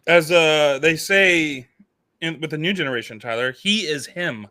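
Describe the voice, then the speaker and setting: A man's voice: fairly high pitch, normal speed, pushed and bright. A man cohosting a fantasy football podcast in easygoing, playful banter. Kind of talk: casual fantasy football chat.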